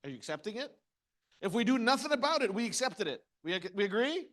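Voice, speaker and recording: A man's voice: high voice, very animated, fast talker, a bit bright. Punchy motivational speaker, a man. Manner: punchy, asks the audience questions. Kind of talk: motivational seminar talk.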